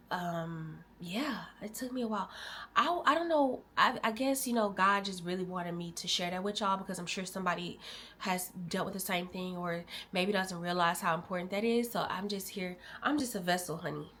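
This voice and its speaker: A young adult woman from Illinois, telling viewers a heartfelt personal story in a candid, emotional way, swinging from animated bursts to quiet, soft-spoken moments. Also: lowish voice, normal speed, a little hiss or hum. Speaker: vlogger.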